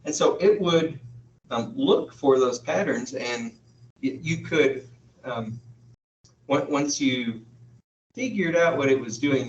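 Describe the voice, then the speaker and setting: Slow, halting male lecturer. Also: mid-range voice, slight background noise. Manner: halting, thinking aloud with frequent pauses. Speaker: university lecturer. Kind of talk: classroom lecture. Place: classroom. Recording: echoey, dull room sound from far off.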